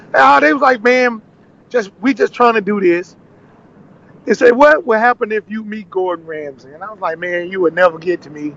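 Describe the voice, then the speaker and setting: A man's voice: high voice, brisk, vocal fry, a bit bright, highs cut off. A man from Nashville, a podcast guest telling his story animatedly in casual conversation, acting out the dialogue he quotes. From Nashville, USA. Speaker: podcast guest, former cooking show contestant.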